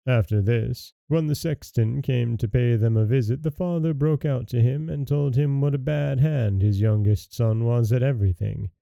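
Brief: male fairy-tale reader, dark gravelly voice, very dry close recording. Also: medium pitch, no room sound. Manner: measured storybook narration. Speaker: storyteller host. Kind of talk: reading a fairy tale aloud.

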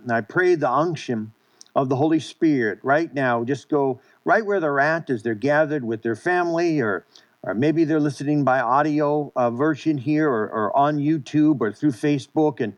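A man's voice: a little high, moderate pace. A male pastor preaching and praying a sermon in an earnest way, with many restarts and repeated words.

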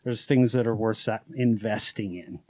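A man from Utah, a farmer and podcast guest, telling stories in casual chat, animated and laughing often. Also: lowish voice, normal speed, no room sound. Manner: animated, laughs often, acts out quoted voices. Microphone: podcast studio microphone.

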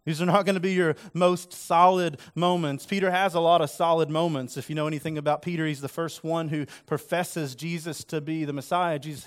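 A man's voice: a little high, fairly even intonation, a little fast, hardly any pauses. A man preaching a sermon in a conversational, earnest way, acting out quoted lines with rising emphasis. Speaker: pastor.

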